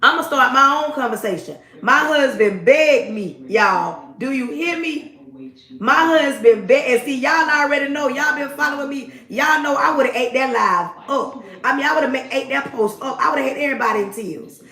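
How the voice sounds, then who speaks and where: A woman's voice: high-pitched, expressive, moderate pace, bright, forceful tone, reverberant. A woman from the United States, hosting a casual livestream with emphatic, repetitive greetings. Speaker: livestream host.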